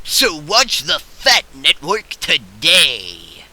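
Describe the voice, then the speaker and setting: Goofy high-voiced man. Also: slow, low-quality recording. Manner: goofy, animated. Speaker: comedy sketch creator. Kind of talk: parody commercial narration.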